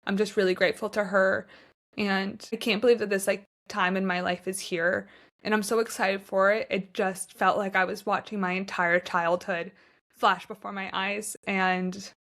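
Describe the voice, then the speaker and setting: A woman's voice: medium pitch, flat delivery, normal speed, a bit bright. A young American woman hosting her own podcast, talking in a heartfelt, gushing, chatty way with lots of "like" fillers. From United States. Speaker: podcast host. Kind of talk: casual chat.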